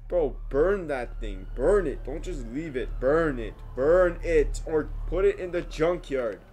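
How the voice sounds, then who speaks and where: A young man hosting a reaction video, talking back to the screen with excitable outbursts and mumbled asides. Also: fairly high pitch, a little slow, hardly any pauses, husky, soft background music. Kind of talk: casual reaction commentary.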